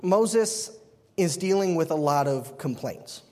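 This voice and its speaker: Man, preacher, relaxed sermon, light humor, fairly high voice, long reverb. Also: slow pace. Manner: conversational, self-deprecating humor.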